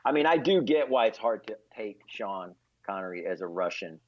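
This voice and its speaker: A man, a stand-up comedian, chatting casually and telling lively stories full of impressions. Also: on the low side, moderate pace, lo-fi sound. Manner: animated storyteller who breaks into impressions. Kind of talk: casual chat with anecdotes.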